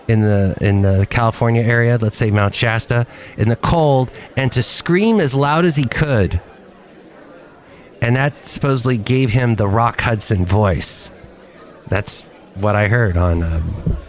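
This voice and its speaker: Podcast guy at a cafe, voice kinda rough like a smoker's after covid, rambles and jokes around. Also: mid-range voice. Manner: chatty, joking, rambling asides. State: recovering from covid, slightly rough voice. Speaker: podcast host. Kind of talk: casual podcast chat.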